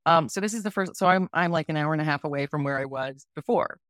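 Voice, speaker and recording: A woman in her forties hosting a podcast, telling a story in a casual, animated way and laughing often. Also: deep voice, fast talker, no room sound, clean studio sound. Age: 40s. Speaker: podcast host.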